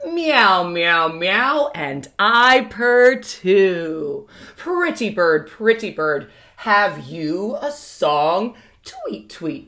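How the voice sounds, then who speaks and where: A cheerful woman kindergarten teacher talks her class through the day's plan. Her voice bounces in a sing-song way, and she drags out key words slowly and clearly for small children. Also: a little high, a bit bright. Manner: upbeat, sing-song, slow and emphatic for children. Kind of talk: morning message lesson to young children.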